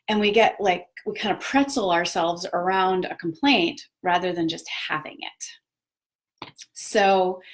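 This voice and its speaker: Chatty reflective woman talking live. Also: fairly low pitch. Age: adult parent of children. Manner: chatty and reflective, many fillers and self-corrections. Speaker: host of a live video talk. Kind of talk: casual spoken talk on personal growth.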